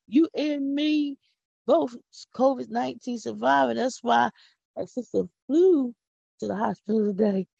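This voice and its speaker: A woman with a gravelly, husky voice preaches to her listeners in a folksy, fervent way, speaking. She repeats words for emphasis. Her voice sits a little high and is recorded dry and close. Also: measured pace, mellow, no room sound, lo-fi sound. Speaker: podcast host. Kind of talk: preaching devotional talk. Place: home.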